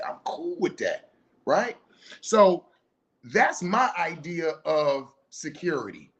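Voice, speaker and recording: A man's voice: high voice, highs cut off. A middle-aged man hosting a talk show, giving a blunt, profane, preachy monologue and telling stories from home. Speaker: podcast host. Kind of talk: casual monologue, commentary.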